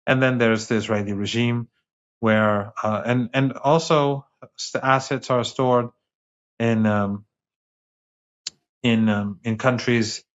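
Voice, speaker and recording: A man's voice: mid-range voice, fairly even intonation, slow pace, pauses often, muffled recording. A man, a professor, giving emphatic interview commentary as a guest and repeating phrases as he builds a point.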